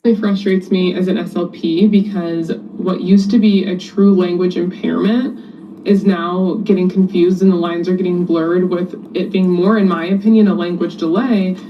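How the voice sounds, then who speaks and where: A woman's voice: lowish voice, fairly even intonation, normal speed. A woman speech-language pathologist talking to the camera, earnest and questioning, sounding frustrated about her work. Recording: dull, distant played clip with faint noise.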